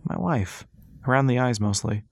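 A man's voice: mid-range voice, moderate pace, vocal fry, no echo. A man voicing Elias, an earnest, adventurous father who flies airships, in a storybook reading. He reads with plain emotion.

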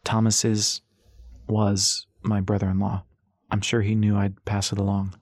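A man's voice: lowish voice, little pitch movement, unhurried, darkish tone, no echo. A grieving man speaks through a clenched jaw, as a narrator plays him. His delivery is tight and strained, barely holding together. The sound is dry.

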